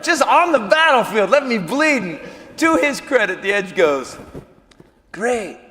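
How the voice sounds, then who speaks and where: A man telling a self-mocking story as a stand-up comedian, animated and jumping into acted quotes. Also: high voice, normal speed. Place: comedy venue with live audience. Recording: live room with reverb and audience noise.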